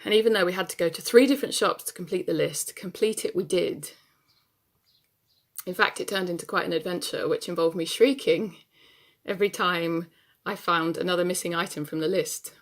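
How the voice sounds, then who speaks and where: A woman performing a wry, gravelly-voiced daughter. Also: on the low side, a little fast. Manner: confessional storytelling, wry and emotional. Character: adult daughter anxious about her aging parents. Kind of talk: theatre monologue.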